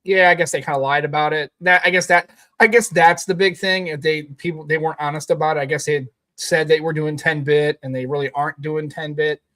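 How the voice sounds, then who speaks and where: A man's voice: on the high side, fairly even intonation, fairly quick, bright, forceful tone. A man co-hosting a casual tech podcast, rambling and emphatic, swearing now and then. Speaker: podcast co-host.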